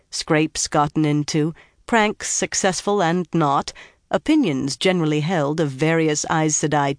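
Measured fantasy audiobook narrator, dry sound. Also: mid-range voice, no echo.

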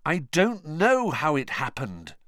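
A man's voice: a little high, huge pitch swings, slow pace, a bit bright, dry recording, clean studio sound, voice pushed up, full character voice. A man reading aloud and voicing a tired, flustered teenage boy wizard who keeps protesting.

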